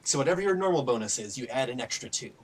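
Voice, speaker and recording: A man running a tabletop game as game master, narrating and explaining in a relaxed way with many fillers. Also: mid-range voice, racing, crowd noise.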